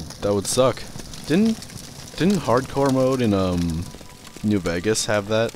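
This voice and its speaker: Low-voiced young man narrating his gameplay. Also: background noise. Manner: rambling, swears, reacts loudly to the game. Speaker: let's play host. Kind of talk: casual gameplay commentary.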